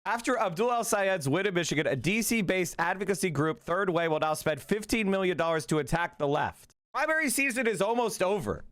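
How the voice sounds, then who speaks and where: High-voiced man ranting on a stream. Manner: heated, profane, ranting and yelling insults. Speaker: political streamer. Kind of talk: casual live-stream commentary.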